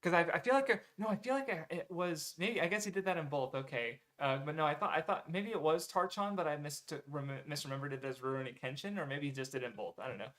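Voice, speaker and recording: Rambling higher-voiced man chatting. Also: fast, hardly any pauses, fairly bright tone. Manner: rambling, full of "um" and "like", self-correcting, casual swearing. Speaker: streamer reading viewer recommendations. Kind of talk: casual rambling chat.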